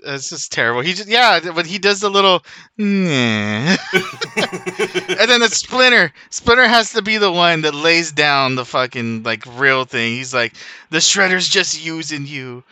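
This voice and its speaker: A man in a casual podcast chat, retelling movie scenes with excited, profane storytelling. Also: a little high, moderate pace, smooth.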